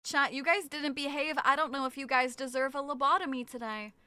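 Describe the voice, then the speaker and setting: A woman's voice: sits high, steady tone, brisk, bright, forceful tone, no echo, clean studio sound. A woman streamer chatting casually with her viewers, playful and teasing as she reads their messages aloud.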